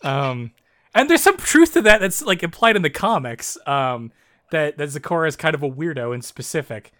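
A man co-hosting a casual discussion of a fan story, talking in animated, frustrated bursts full of fillers. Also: fairly high pitch, normal speed. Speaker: podcast co-host.

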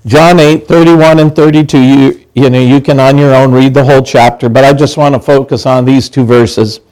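A man's voice: mid-range voice, fairly even intonation, normal speed, darkish tone. A man in his sixties preaching a sermon as pastor, conversational and humorous, acting out quoted lines.

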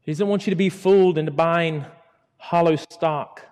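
A middle-aged man preaching a sermon, acting out quoted words and swinging between loud emphasis and hushed asides. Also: a little high, fairly even intonation, normal speed. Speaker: pastor. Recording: long hall reverb.

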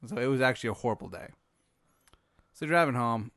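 A man hosting a podcast, improvising an absurd story in a rambling, deadpan way. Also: medium pitch, quick pace, creaky, dry recording, studio quality. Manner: rambling, deadpan, many fillers and restarts. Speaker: podcast host.

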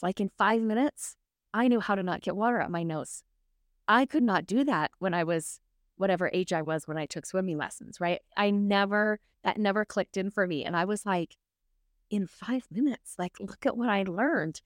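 A woman's voice: medium pitch, no room sound, clean studio sound. A woman co-hosting a podcast, chatting casually and telling a personal story, acting out back-and-forth dialogue and often checking in with "right?". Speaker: podcast co-host. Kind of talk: casual chat.

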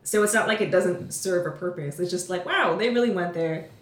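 A woman's voice: lowish voice, fairly quick. A woman co-hosting a podcast, chatting casually and enthusiastically with plenty of fillers. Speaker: podcast co-host. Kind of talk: casual chat. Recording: roomy echo.

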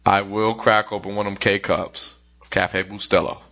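A man's voice: fairly low pitch, little pitch movement, normal speed, bright, forceful tone, lo-fi sound. A man co-hosting a podcast, telling a jokey story in casual chat, swearing now and then. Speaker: podcast co-host.

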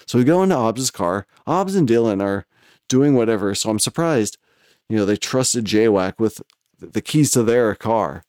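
A man's voice: on the low side, animated, moderate pace, a little mellow, dry recording, studio quality. A man with a West Coast American accent telling a story in casual chat, profane and rambling, laughing between lines.

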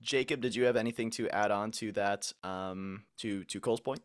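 A man's voice: on the low side, moderate pace, clean tone. A man hosting a casual podcast chat, asking the others questions in a hesitant way.

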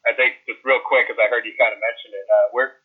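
A man's voice: medium pitch, fairly even intonation, fast, breathy edge. An American man, a strength coach, chatting easily as a guest, often repeating his words. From United States. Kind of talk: casual interview. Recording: tinny phone line.

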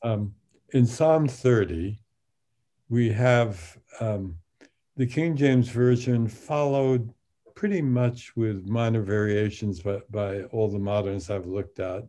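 An older man speaking as a guest in a podcast interview, halting with many fillers and restarts. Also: on the low side, mellow. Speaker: guest translator of biblical poetry.

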